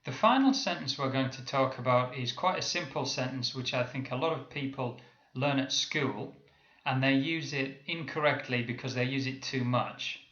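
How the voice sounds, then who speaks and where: A man with a British accent giving an English lesson, saying example sentences slowly and carefully. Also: mid-range voice, sharp tone, roomy sound, dull audio. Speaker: English teacher.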